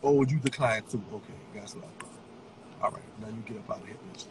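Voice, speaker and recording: A man ranting on a livestream in a taunting, profane way, with sing-song chants and bursts of shouting. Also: lowish voice, fast talker, noisy background. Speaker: social media personality.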